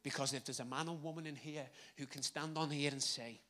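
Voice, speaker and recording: A man with a Liverpool accent preaching a live sermon on a handheld microphone, conversational and swinging between loud emphasis and hushed asides. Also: fairly high pitch, fairly even intonation, fairly quick. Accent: Liverpool (Scouse). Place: church hall with congregation.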